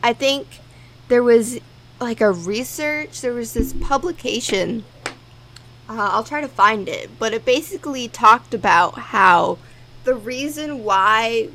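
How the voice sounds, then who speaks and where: A young woman co-hosting a podcast in casual chat, with a groggy morning voice, relaxed and quick to laugh. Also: a little high, a little hiss or hum, low-quality recording. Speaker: podcast co-host.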